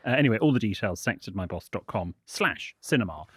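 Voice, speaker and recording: An English man co-hosting a comic podcast, with a theatrical, arch way of talking. His pitch swoops and leaps as he reads listener messages, and the studio sound is dry and close. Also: expressive, fairly quick, slightly rough, dry recording. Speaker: podcast co-host.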